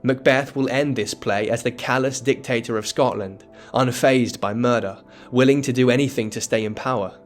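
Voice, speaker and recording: A man giving scripted educational narration that explains a play, in a measured, dramatic storytelling tone. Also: medium pitch, soft background music. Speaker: literature explainer.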